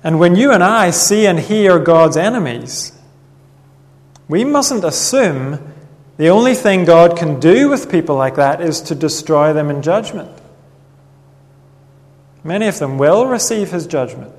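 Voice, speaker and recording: A man preaching a sermon in an earnest, measured way, reading Bible passages aloud. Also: a little high, sing-song. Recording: long reverb of a hall.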